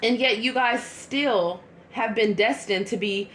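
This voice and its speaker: A woman giving a casual tarot reading to her viewers, chatty and blunt, with quick asides. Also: on the high side, fairly bright tone, slight background noise. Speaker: tarot reader.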